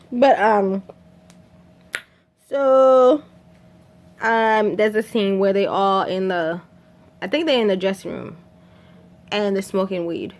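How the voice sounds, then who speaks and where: A woman from Haiti talks through a film in a loose, chatty recap. She laughs often and slips into the characters' lines, dropping to a whisper for some and jumping high for others. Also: takes it slowly, pauses often. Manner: animated, laughs often, acts out quotes in whispers and shrieks. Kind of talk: casual storytelling recap.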